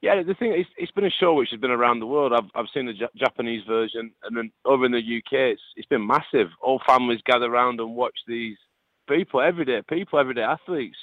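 A man's voice: medium pitch, quick pace, no room sound. A forty-year-old man from Lancashire with a Lancashire accent, a radio guest chatting in a jokey, restarting way. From Lancashire, England. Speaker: phone guest. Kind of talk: casual chat. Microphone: phone line. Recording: tinny phone line.

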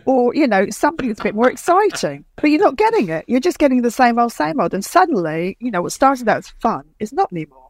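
Emphatic woman telling lively anecdotes. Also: on the high side, fast talker, few pauses, no room sound. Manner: emphatic, storytelling, acts out quoted dialogue. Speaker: TV producer and speaker. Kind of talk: conversational interview.

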